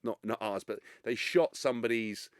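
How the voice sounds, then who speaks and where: A man, a podcast guest telling a story in casual chat, animated and swearing freely. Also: mid-range voice, moderate pace, smooth, no echo, clean studio sound. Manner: animated, swears freely, acts out quotes in other voices.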